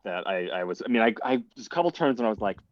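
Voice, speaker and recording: A man's voice: lowish voice, expressive, very fast, dry recording, lo-fi sound. A man, a game player, recapping his match in a post-game interview, hesitant and self-critical, speaking over an online call.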